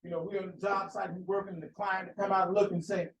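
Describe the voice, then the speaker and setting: A male preacher delivers a fiery sermon in a fairly high voice. He presses his points with rhetorical questions and repeated phrases. The sound is echoey and set back from the mic, with a faint room hum behind him. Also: flat delivery, fast, vocal fry, recorded from a distance.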